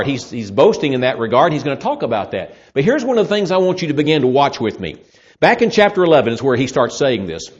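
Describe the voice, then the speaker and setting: Lively preacher with lo-fi sound. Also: male voice, medium pitch, quick pace. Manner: lively, acts out voices in Bible scenes. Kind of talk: sermon. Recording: muffled lo-fi sermon recording.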